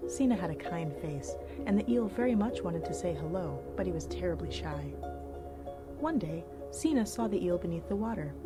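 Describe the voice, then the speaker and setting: Woman reading a folk tale, gentle and clear, music in the back. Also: on the low side, expressive, moderate pace. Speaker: narrator and cooking host. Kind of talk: storybook narration.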